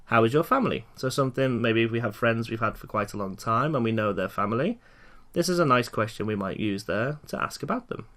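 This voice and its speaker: A man giving a recorded lecture for learners, slowly and clearly repeating each phrase for them to follow. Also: medium pitch, animated, fairly bright tone. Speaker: language teacher.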